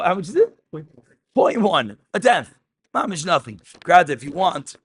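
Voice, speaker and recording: A man teaching a Talmud class, animated, mixing English with Aramaic terms and raising his voice for emphasis. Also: sits high, normal speed, creaky, breathy edge, dry recording.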